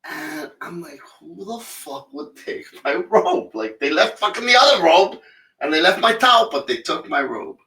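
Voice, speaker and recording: A man co-hosting a podcast and telling an animated, profanity-laced story. His voice has a bright edge. It is recorded a little off-mic in an echoey room. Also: on the high side, normal speed, distant mic. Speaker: podcast co-host. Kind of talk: casual storytelling chat.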